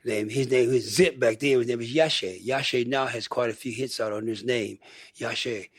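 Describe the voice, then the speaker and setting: A man's voice: medium pitch, normal speed, slightly rough, no room sound, studio quality. An older American man from Michigan, a guest musician, telling rambling stories in a casual interview and acting out what people said. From Michigan, USA. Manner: rambling, animated storyteller who acts out quotes.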